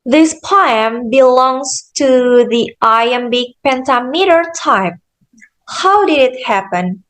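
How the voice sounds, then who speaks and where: A young woman student giving a slow, careful class presentation, explaining step by step with frequent "okay" and "so". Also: sits high, animated, a bit bright, low-quality recording. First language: Indonesian. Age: young adult. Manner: deliberate, measured, with "okay" and "so".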